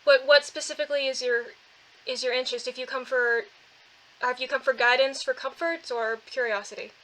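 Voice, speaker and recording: A woman's voice: high voice, steady tone, a little fast, a bit bright, rough recording. A woman playing a courteous middle-aged temple keeper. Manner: polite, hesitant, courteous.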